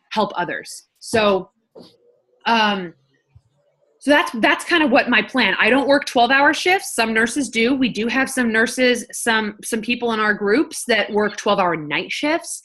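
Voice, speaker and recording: Bright-voiced chatty nurse woman. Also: medium pitch. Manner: chatty, frank, swears casually. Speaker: nurse and health coach. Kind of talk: casual talk to camera.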